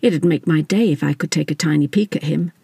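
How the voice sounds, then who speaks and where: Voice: mid-range voice, fairly quick, gravelly, mellow, husky, no room sound. A narrator voicing a jolly, bold female car park attendant in a raised, chirpy voice.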